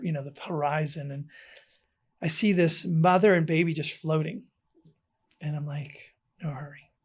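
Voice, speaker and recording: A man from South Africa, a podcast guest, telling a personal story earnestly and often dropping to a hushed, quiet tone. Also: fairly high pitch, slightly rough.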